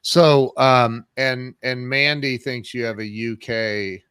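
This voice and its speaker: A man hosting an interview speaks slowly in a smooth, clear voice. The sound is dry and close, with no room echo, as he asks rambling questions and drops in short reactions. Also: mid-range voice, steady tone, fairly bright tone. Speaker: podcast host. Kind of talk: interview chat.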